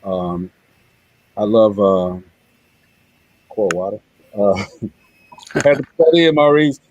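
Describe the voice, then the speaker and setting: A man's voice: on the low side, expressive, slow, a little mellow, highs cut off, slight background noise. A male show host giving an earnest, preachy closing talk, stumbling and repeating words as he gets emotional. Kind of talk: heartfelt closing talk on a live web show.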